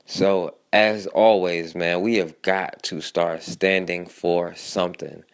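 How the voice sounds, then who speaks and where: A man with a low voice hosts a talk radio show. He delivers his commentary in an earnest, steady, flat tone, addressing his listeners directly. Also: slow pace, clear, resonant tone.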